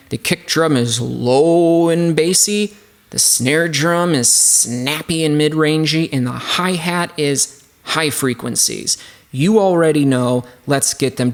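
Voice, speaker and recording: A man hosting a casual music production tutorial hangout, rambling with lots of fillers and asides. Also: mid-range voice. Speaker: host. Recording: loud music underneath. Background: loud music.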